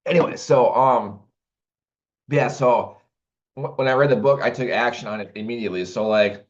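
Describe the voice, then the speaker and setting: A man's voice: medium pitch, moderate pace. A man talking casually to the camera in a rambling way, with many restarts and fillers. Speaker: vlogger. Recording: dull lo-fi recording.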